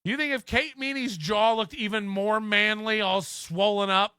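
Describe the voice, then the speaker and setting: Male podcast host, high bright voice, sarcastic ranting commentary, laughs at himself. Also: steady tone, normal speed, clear, resonant tone, no echo, studio quality. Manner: mocking, sarcastic, laughs at own remarks.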